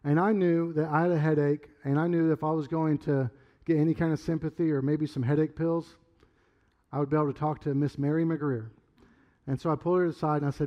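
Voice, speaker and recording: A middle-aged man preaching a sermon in a loose, conversational way, rambling through stories and sometimes shouting. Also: on the high side, level tone, quick pace, muffled recording. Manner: conversational, rambling storyteller with sudden loud outbursts. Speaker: pastor.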